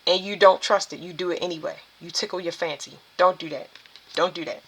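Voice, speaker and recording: A woman's voice: fairly low pitch, steady tone, brisk, a bit bright, breathy edge. A woman doing a tarot reading, talking to viewers in an emphatic, preachy way. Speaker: spiritual tarot reader.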